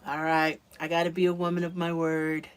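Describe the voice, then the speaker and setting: A woman's voice: low-pitched, monotone, a little fast, clear, resonant tone. A woman chatting casually to her viewers while making a drink in her home kitchen, a little out of breath. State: slightly out of breath. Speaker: vlogger. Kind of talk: casual livestream chat. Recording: noticeable background noise.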